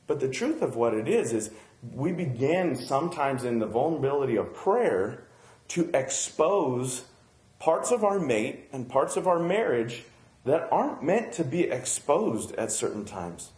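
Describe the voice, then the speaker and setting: A man's voice: medium pitch, very animated, unhurried, darkish tone, reverberant. A man preaching a sermon as a pastor, talking in a loose, conversational way with frequent asides to the listeners.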